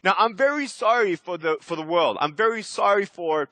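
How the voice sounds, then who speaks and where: A man in his thirties giving a keynote as a motivational speaker, energetic and emphatic, with sudden loud bursts. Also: high-pitched, moderate pace, dry recording. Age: 30s. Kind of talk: keynote speech.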